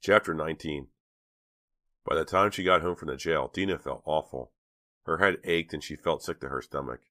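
A man narrating an audiobook in a measured storytelling manner. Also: very deep voice, fairly bright tone. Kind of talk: scripted narration.

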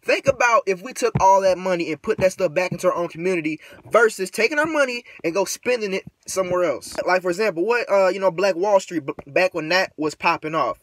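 A man's voice: high-pitched, lively intonation, a little fast, few pauses, a bit bright. Rambling, slangy male vlogger. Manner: rambling, slangy, many fillers; frustrated, preachy. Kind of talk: casual rant to camera.

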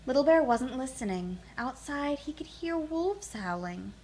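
A woman storyteller reading a children's picture book aloud in an expressive, sing-song way. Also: high voice, measured pace, slight background noise.

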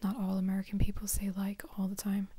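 A woman's voice: mid-range voice, monotone, quick pace, dark tone, breathy edge. A woman in a whispered ASMR chat, rambling and self-deprecating with lots of ums. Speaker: ASMR creator.

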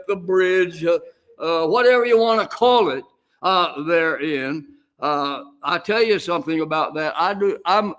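Older male pastor, high-pitched, unhurried, homey preaching style with drawn-out emphatic lines. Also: fairly bright tone. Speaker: senior pastor. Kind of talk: sermon.

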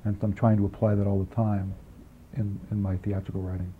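A man being interviewed about his film work, talking quickly in long rambling answers with many restarts and asides, on an old archival tape. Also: fairly low pitch, level tone. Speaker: film writer and director, interview guest. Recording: dull archival 1980s interview tape, faint hiss.

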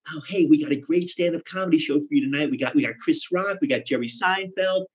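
A man's voice: a little high, fast talker, voice pushed up, close to an everyday voice. A man voicing a pushy male street ticket hawker who pleads with passers-by in a salesy, wheedling patter. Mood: pleading.

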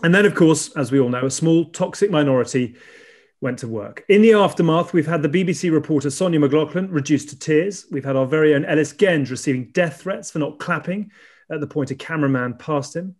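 A man's voice: on the high side, brisk, a little mellow. Emphatic male podcast host. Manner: rhetorical and emphatic, building lists. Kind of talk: scripted monologue, then casual chat.

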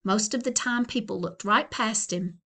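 A woman librarian reading a children's book aloud with expressive, unhurried storytelling. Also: medium pitch. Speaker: school librarian.

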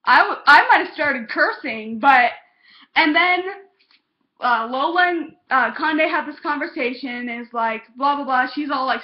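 A woman's voice: sits high, moderate pace. A young woman vlogging a heated, exasperated TV episode review, cursing when she gets passionate. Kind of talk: casual ranting review. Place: home, on a couch. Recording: dull lo-fi home recording.

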